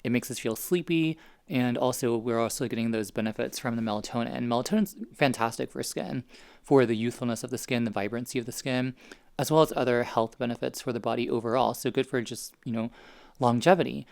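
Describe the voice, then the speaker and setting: A man's voice: mid-range voice, fairly quick, vocal fry, darkish tone. Man, casual home vlog, rambling, chatty, explains science. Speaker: vlogger. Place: home, indoors.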